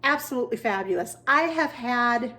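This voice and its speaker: A woman in her sixties hosting a casual cooking demonstration in her home kitchen, chatting directly to viewers and giving gentle cautions. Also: on the high side, lively intonation, normal speed, rough recording. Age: 60s. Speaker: cooking show host.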